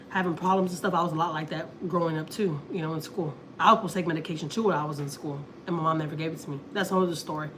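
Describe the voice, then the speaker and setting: A Houston woman in her thirties chats casually on a livestream, telling a rambling personal story. She acts out her own lines and her husband's as she goes, with a faint background hum. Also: lowish voice. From Houston, Texas. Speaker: family vlogger on a livestream.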